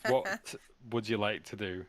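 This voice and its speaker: A man narrating as game master of a tabletop game, describing scenes in measured steps and pausing on fillers. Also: fairly low pitch, huge pitch swings, vocal fry, no room sound.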